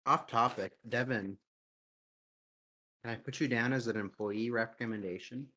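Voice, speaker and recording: A man's voice: mid-range voice, moderate pace, pushed and bright. A young man chatting casually as a player in a tabletop game, easygoing and laughing often. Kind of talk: casual chat.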